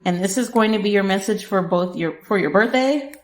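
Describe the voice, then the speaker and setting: A little fast and mid-range in pitch, this woman's voice carries through an echoey room as she hosts a podcast, reading tarot casually, addressing the listener directly and often laughing.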